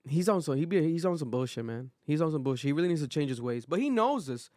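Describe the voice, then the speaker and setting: A man co-hosting a podcast in casual chat, talking in an animated, opinionated way with lots of fillers. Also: a little high, quick pace, no room sound, clean studio sound. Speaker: podcast co-host.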